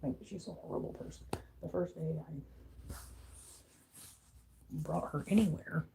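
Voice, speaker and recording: Low gravelly woman venting. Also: a little slow, noisy background. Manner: frustrated, swears freely, mimics her roommate. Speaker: vlogger. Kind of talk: venting to camera.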